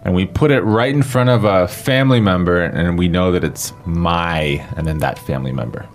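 A man breaks down a lesson in a relaxed, explanatory way, checking in as he goes. Faint music runs underneath. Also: sits low, moderate pace. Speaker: podcast co-host.

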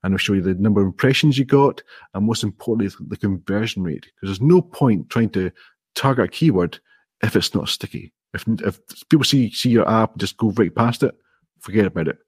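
A man's voice: lowish voice, fairly quick, husky, no room sound, studio quality. A man, an indie app developer, explaining his approach step by step in a friendly, modest way during a casual interview.

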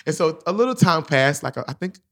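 A man's voice: fairly high pitch, very animated, a little fast, creaky, a bit bright. A man casually telling a story about how he met his wife. He acts out the quoted lines and laughs often.

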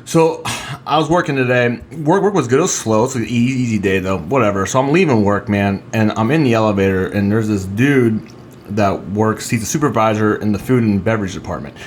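Male podcast co-host, rapid and profane, animated storyteller, faint ambience in the background. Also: fairly low pitch, a little hiss or hum. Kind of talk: casual chat.

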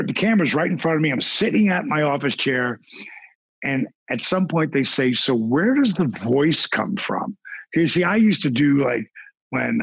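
A man with a rough, gravelly and husky voice, sitting a bit high for a man. He tells stories with animation and does voices along the way. The sound is dry and somewhat muffled. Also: no echo. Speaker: podcast guest. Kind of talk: casual storytelling.

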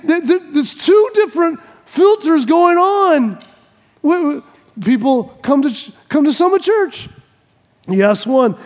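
A male pastor preaches in a loose, joking, conversational way, stumbling and restarting as he goes. His voice sits very high for a man. A long reverb from a large church hall trails after each line. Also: animated, slow, darkish tone. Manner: conversational, stammering, humorous. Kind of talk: sermon.

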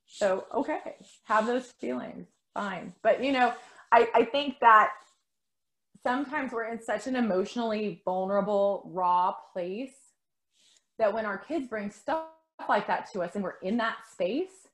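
Middle-aged woman coach, soft and reassuring, casual talk at a medium pitch. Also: measured pace. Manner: gentle, reassuring, repeats words. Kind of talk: casual conversation.

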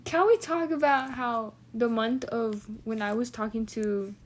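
A woman's voice: a little high, measured pace, slight background noise. A teenage girl chatting casually with a friend in a giggly, rambling, slangy way. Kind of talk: casual chat between friends.

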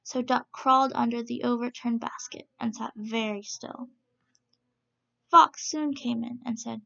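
A woman narrates a children's story in a steady, measured way. Her voice sits fairly high but carries a heavy gravelly crackle. The recording sounds muffled and lo-fi. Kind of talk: reading a children's story aloud.

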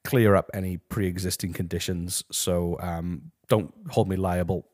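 Deep-voiced male host, deadpan, rambling comedic reviewer, dry close sound. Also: measured pace, no echo. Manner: deadpan, rambling, many ums. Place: his house, walking to the kitchen.

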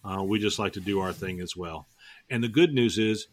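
A man hosts a laid-back roundtable chat. His voice sits on the lower side, and he jokes and teases his co-hosts as he rambles from one thought to the next. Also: normal speed. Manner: joking, teasing, rambling. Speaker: podcast host.

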